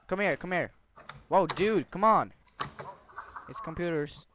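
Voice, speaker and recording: A young man playing a horror game with a friend, jumpy and quick to shriek and laugh. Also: fairly high pitch, noisy background. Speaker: game player. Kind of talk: casual gaming chat.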